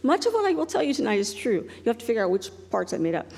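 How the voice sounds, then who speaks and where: Middle-aged woman from Ohio, self-deprecating stage speaker; slightly breathy, echoing hall. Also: on the high side, sing-song, racing, darkish tone. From northeastern Ohio. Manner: rambling, self-deprecating, laughing often. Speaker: guest speaker. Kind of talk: humorous live talk.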